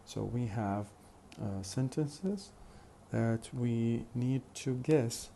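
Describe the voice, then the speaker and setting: A man gives a phonetics lecture at an unhurried pace. He works through examples step by step and repeats them. His voice is low and gravelly, with faint noise in the background. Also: warm tone. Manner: slow, methodical, with frequent uh fillers and repeated examples. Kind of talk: recorded lecture.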